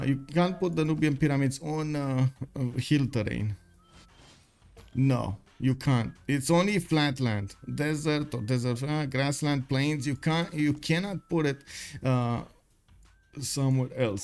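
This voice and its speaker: A man's voice: fairly high pitch, a little mellow. A man giving live strategy game commentary, chatty and full of fillers, greeting viewers by name as he goes.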